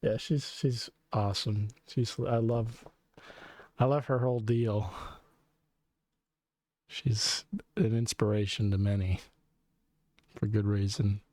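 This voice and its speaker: A man's voice: lowish voice, level tone, takes it slowly, pauses often, a little mellow. A man co-hosting a podcast, chatting casually and profanely while reacting to videos. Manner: profane, amused, rambling. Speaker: podcast co-host.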